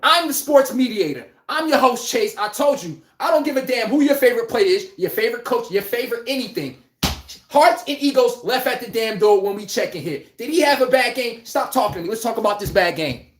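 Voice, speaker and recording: A man's voice: extremely high pitch, expressive, fairly quick, reverberant, slight background noise. A man hosting a casual live-stream sports podcast, talking bluntly and animatedly, swearing and laughing as he rants. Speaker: podcast host.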